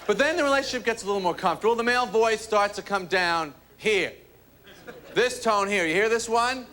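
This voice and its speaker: On a TV studio stage, a man with a high-pitched, brisk voice performs stand-up, wry and observational, exaggeratedly demonstrating different voices. Loud studio audience laughter roars throughout.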